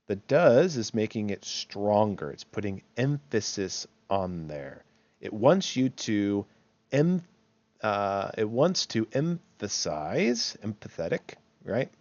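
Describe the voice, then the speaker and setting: A man's voice: fairly low pitch, a little mellow, no echo, muffled recording. A man teaching English grammar in a recorded online lecture, chatty and thinking aloud, often checking in with "right?" and correcting himself as he goes.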